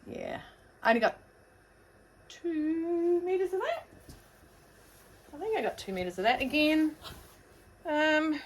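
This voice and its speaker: A woman's voice: high voice, slight background noise. Middle-aged New Zealand woman, casual sewing vlogger, rambling and self-deprecating. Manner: chatty, rambling, self-mocking. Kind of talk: casual chat to camera.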